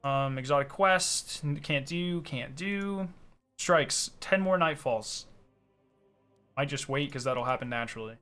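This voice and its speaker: A man chatting casually on a gaming stream, excitable and ranting with plenty of swearing. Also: medium pitch, unhurried, faint music behind.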